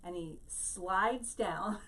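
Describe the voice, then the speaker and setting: A woman's voice: mid-range voice, fairly bright tone. Woman teaching scripture from a distance. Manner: explains Hebrew words slowly, tells a story. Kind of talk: Bible teaching.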